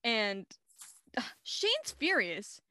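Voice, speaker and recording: A woman's voice: fairly high pitch, huge pitch swings, drawn-out words, bright, forceful tone, dry recording, clean studio sound. A young woman co-hosting a casual movie review, giggling and acting out characters' lines in playful voices. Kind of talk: casual chat.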